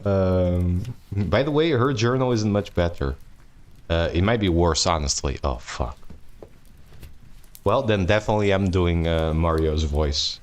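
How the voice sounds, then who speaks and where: Deep-voiced, laid-back male streamer. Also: unhurried. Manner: laid-back, swears and laughs often. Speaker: streamer reading a novel aloud. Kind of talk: live-stream book reading and casual chat.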